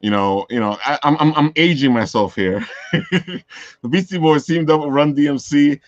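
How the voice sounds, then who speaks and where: A chatty man who tells stories with animated asides and fills his talk with "you know". His voice sits at an ordinary pitch. The sound is dull and dry, with no room around it. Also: normal speed, no room sound. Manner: animated storytelling with laughs and repeated "you know". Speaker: podcast co-host or guest. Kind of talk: casual chat.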